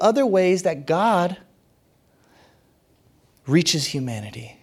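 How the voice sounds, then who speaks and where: Male pastor, fairly high voice, lively emphatic sermon delivery. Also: moderate pace. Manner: animated, emphatic preaching with big swings in loudness. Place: church hall.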